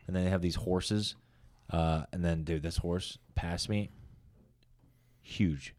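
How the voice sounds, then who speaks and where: Low-voiced young man telling crude stories. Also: fairly even intonation, slow, a little mellow, dry recording. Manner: crude, rambling storytelling. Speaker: podcast co-host. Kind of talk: casual chat.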